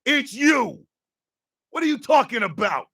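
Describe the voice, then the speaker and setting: A man hosting a podcast, delivering a profane, exasperated comedic rant and often shouting. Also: very high-pitched, very animated, measured pace, creaky, slightly rough. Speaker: podcast host.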